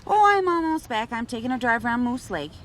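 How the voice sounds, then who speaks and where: An actress playing an earnest small-town police officer with a Minnesota accent, talking politely over a radio. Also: female voice, a little high, very animated, brisk. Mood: chirpy. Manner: chirpy, polite radio talk. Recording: loud vehicle noise in a film scene.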